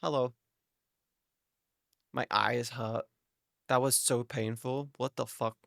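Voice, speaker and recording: A male streamer talks loosely to his chat, rambling from one thought to the next and dropping casual swears. His voice is bright and forceful, and it sits close and dry on a desk mic, with no room sound around it. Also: medium pitch, fairly even intonation, slow, creaky, no room sound.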